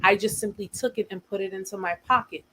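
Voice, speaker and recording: A woman with an American accent hosts a casual survivor support livestream, speaking quickly in a bright, forceful, medium-pitched voice. She talks earnestly and repeats her points for emphasis, and the recording is rough.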